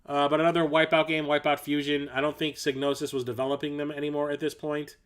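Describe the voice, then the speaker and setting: A man's voice: a little high, fairly even intonation, quick pace, few pauses, a bit bright. Chatty man rambling about video games. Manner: rambling and enthusiastic, with fillers and self-corrections; blunt and casual, with mild swearing. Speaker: livestream host showing his game collection. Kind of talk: casual rambling livestream chat.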